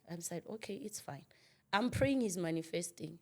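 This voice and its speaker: A woman's voice: on the low side, expressive, moderate pace. A woman, a minister giving personal testimony in a podcast interview, vividly acting out the dialogue she quotes. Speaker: guest minister.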